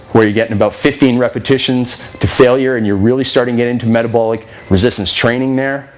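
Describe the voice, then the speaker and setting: A man trainer explaining a workout circuit in casual talk, out of breath and slowing down as he demonstrates moves. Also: mid-range voice, low-quality recording. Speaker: fitness trainer.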